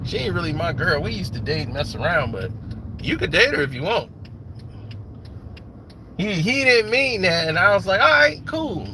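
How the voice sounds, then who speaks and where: Animated man telling a story outdoors. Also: moderate pace, long pauses, background noise. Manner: animated, acts out quoted voices in higher pitch. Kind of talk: casual storytelling.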